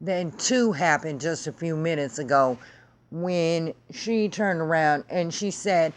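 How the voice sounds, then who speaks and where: A woman's voice: deep voice, slow pace. Woman in a heated, profane vlog rant. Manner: heated, profane, sarcastic ranting. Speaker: vlogger.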